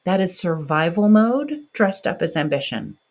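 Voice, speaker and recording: A woman's voice: on the low side, sing-song, moderate pace. A woman in her forties hosting a podcast, talking directly and encouragingly in a motivational monologue. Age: 40s. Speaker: podcast host.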